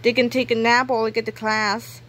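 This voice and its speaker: A woman's voice: fairly high pitch, little pitch movement, a little fast, fairly bright tone, slight background noise, lightly acted. A woman doing a puzzled, wisecracking schoolboy.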